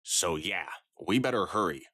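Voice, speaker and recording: A man's voice: sits low, expressive, moderate pace, bright, forceful tone, no room sound, studio quality, heavily acted. A man voicing a stern veteran male pony journalist in a comedic fanfiction reading, curt and formal.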